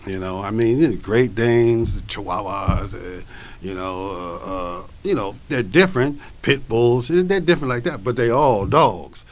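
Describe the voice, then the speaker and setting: A man's voice: fairly low pitch, lively intonation, a little slow. A man performing a spoken word story in a casual, chatty way, full of fillers. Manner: casual, conversational, many fillers like you know.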